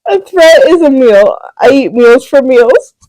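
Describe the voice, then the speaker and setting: A woman's voice: sits high, animated, measured pace, dark tone, rough recording. A woman co-hosting a comedy podcast, teasing and giggling through playful banter. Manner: giggly, teasing, breaks into laughter often. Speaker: podcast co-host.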